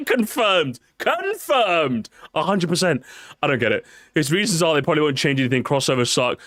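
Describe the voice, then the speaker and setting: A young man streaming casually, excitable and profane, talking straight to his chat. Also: fairly high pitch, brisk. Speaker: streamer reacting to a video.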